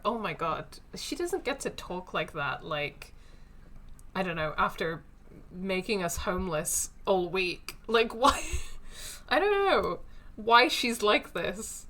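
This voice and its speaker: A woman's voice: mid-range voice, animated, a little slow, a bit bright. A woman streaming a story game, chatting casually and thinking aloud with lots of fillers. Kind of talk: casual let's-play commentary.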